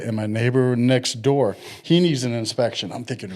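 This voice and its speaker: A middle-aged man telling a story in casual podcast chat, animated and acting out the people he quotes. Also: medium pitch, normal speed, few pauses.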